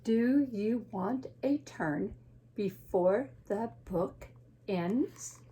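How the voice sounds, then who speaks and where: A woman reading a picture book aloud, voicing a sweet, clever female pig in a calm, slow, matter-of-fact way. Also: mid-range voice, breathy edge, exaggerated voice.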